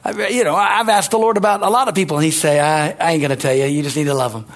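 A man preaching a sermon as pastor, folksy and animated, with sudden rises in pitch. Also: racing.

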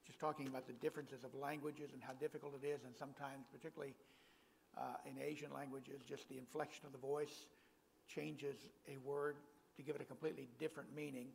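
A man's voice: mid-range voice, vocal fry, big-room sound, a little hiss or hum, poor audio. An older man preaching as a guest pastor in a church, speaking in a folksy way with self-deprecating humor. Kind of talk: sermon.

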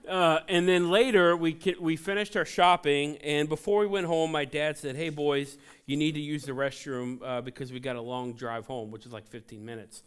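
A man in his forties from Ohio preaching a sermon in a church, conversational and joking, telling animated personal stories. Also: fairly high pitch, clear, resonant tone. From Ohio, USA. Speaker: pastor. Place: church sanctuary.

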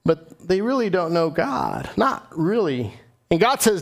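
A man's voice: sits high, big pitch swings, unhurried. A middle-aged man preaching a sermon as pastor, earnest and climbing to impassioned emphasis.

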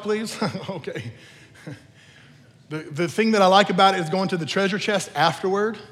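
A man's voice: sits high, a bit bright. A man pastor preaching a sermon, telling stories in a chatty way with teasing asides. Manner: conversational storytelling with teasing asides. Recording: long reverb of a large hall.

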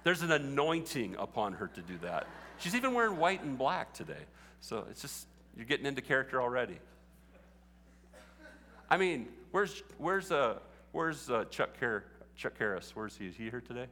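This pastor's sermon, recorded in a church sanctuary with the long echo of a big hall, begins conversationally before swelling into fervent exhortation. He talks at normal speed in a sing-song, mid-range voice with a sharp edge.

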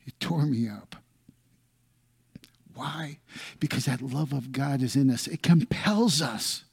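A middle-aged man preaching a sermon, swinging from loud emphatic lines down to hushed, almost whispered ones. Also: medium pitch, takes it slowly, creaky, breathy edge. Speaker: pastor.

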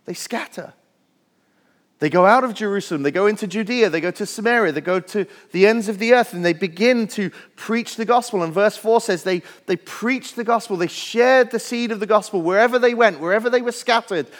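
A man's voice: sits high, fairly quick. Earnest man preaching in a reverberant church. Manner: earnest preaching, building lists with rising emphasis. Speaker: pastor. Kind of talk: sermon. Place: church sanctuary.

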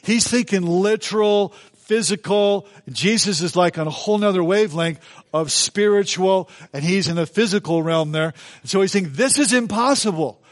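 A man's voice: sits high, moderate pace. A man preaching a sermon in a church as pastor, folksy and conversational, acting out the people he quotes.

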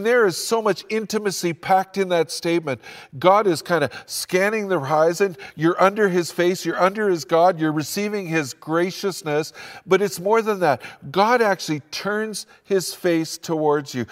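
An older man preaching an earnest sermon as pastor, building his emphasis as he speaks. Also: high voice. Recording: long hall reverb.

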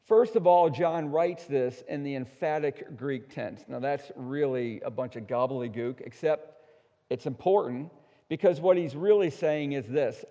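A male pastor preaching an emphatic sermon, swinging between hushed asides and loud, slowed-down declarations. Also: medium pitch. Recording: dull sound with long hall reverb.

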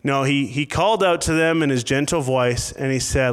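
A man's voice: medium pitch, moderate pace, few pauses, smooth. Man preaching in a reverberant church hall. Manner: conversational preaching with frequent restarts and acted quotes. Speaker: pastor. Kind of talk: sermon.

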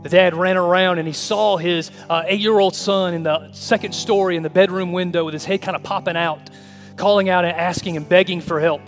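A man's voice: high-pitched, steady tone, fairly quick. A male pastor preaching a sermon with an impassioned, repetitive cadence. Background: soft guitar music.

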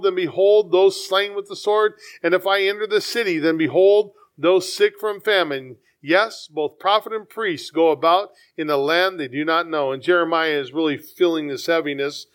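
A man preaching a sermon, reading scripture aloud, repeating words and stumbling now and then, pushing his voice up for emphasis. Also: fairly high pitch.

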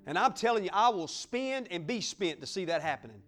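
Fiery high-voiced male preacher. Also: big pitch swings, fairly quick, fairly bright tone, faint music behind. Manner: fiery, exuberant preaching with whoops and acted-out little scenes. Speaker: pastor. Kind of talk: sermon.

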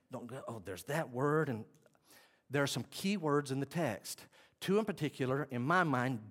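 A man preaching a sermon, swinging between loud outbursts and hushed asides. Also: mid-range voice. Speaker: pastor. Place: church sanctuary. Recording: long reverb of a church hall.

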